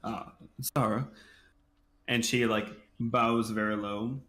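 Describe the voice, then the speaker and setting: A man narrating a tabletop game as game master, pausing often with ums and uhs. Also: on the low side, level tone, sharp tone, echoey room. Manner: hesitant, many ums and uhs. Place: home room, online game.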